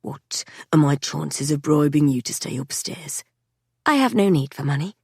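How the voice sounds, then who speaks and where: Woman reader doing brooding young man, low murmur, dry close mic. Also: animated, moderate pace, creaky, breathy edge, dry recording, exaggerated voice. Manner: low, hushed, half-whispered. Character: brooding gruff young man, wry and menacing.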